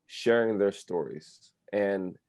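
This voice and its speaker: A man from New Jersey talks with a low, mellow voice on a dry, close recording. He speaks earnestly as a radio guest and fills his sentences with "like." The interview has a casual feel. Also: slow pace, no echo. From New Jersey, USA. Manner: earnest, with lots of "like" fillers.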